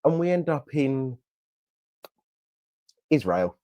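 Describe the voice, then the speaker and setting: A man's voice: mid-range voice, big pitch swings, slow pace, mellow, dry recording. A young man improvising a comedic travel story as co-host, playful and laughing often. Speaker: podcast co-host.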